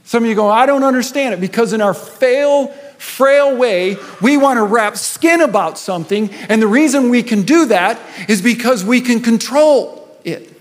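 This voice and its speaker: A man's voice: extremely high pitch, expressive, moderate pace, hardly any pauses. A man, a senior pastor, preaching a sermon with storytelling and rising and falling intensity. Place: church auditorium. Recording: long hall reverb.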